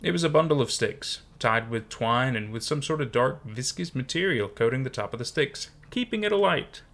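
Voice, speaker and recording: A man reading a first-person horror story aloud in measured, tense scripted narration. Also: mid-range voice, lively intonation, fairly bright tone.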